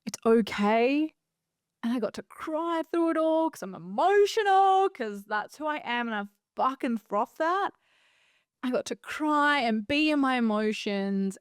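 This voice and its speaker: A woman, hosting a casual solo podcast as a coach, animated and emphatic, swearing freely and often asking "right?". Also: fairly high pitch, no room sound, studio quality.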